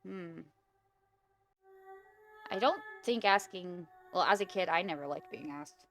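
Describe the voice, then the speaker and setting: A woman's voice: lowish voice, animated, unhurried, a bit bright, soft background music. A young woman hosting a gaming video, casually reading out an interactive horror story, giggling and stumbling over words.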